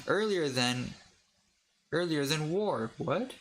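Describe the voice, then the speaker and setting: A man's voice: fairly high pitch, lively intonation, slow, bright, forceful tone, a little hiss or hum. A man streaming as a VTuber, reading articles aloud for chat, joking, tripping over words and breaking off to laugh.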